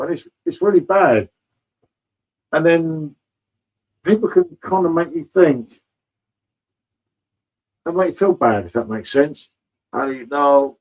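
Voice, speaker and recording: Chatty bloke saying mate a lot. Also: male voice, fairly high pitch, darkish tone, poor audio. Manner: chatty, swears freely, calls everyone mate. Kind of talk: casual live-stream chat. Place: home bar.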